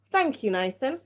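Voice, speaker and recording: Giggly, chatty woman streamer. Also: high-pitched. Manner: chatty, giggly, self-mocking. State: tired. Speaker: tarot-reading livestream host. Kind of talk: casual live-stream chat.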